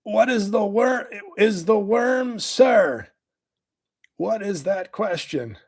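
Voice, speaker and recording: A man doing a comedic impression of a boastful, cranky older male health official, with a raspy, strained voice, rambling and bursting into shouts. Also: high-pitched, animated, slow, exaggerated voice.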